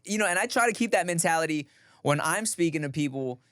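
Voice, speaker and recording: A man co-hosting a podcast, chatting loosely and swearing, getting louder when worked up. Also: on the high side, animated, fast talker, no room sound, clean studio sound. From Los Angeles. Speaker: podcast co-host. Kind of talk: casual chat.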